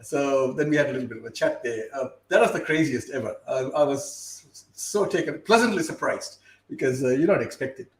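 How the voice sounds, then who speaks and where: Halting man in an echoey room. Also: mid-range voice, expressive. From Botswana. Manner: halting, repeats words and restarts while telling stories. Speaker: guest. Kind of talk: casual live-stream chat. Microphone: video call.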